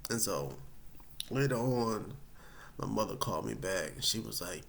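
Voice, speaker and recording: A man casually telling a personal story, animated and dramatic, with many fillers. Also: on the low side, moderate pace, gravelly, pauses often.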